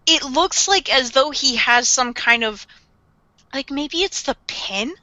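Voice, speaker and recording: Animated woman acting out scenes. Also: sits high, slow, no room sound, dull audio. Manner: animated, acts out characters' lines, laughs often. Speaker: podcast co-host. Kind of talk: casual chat recapping an anime.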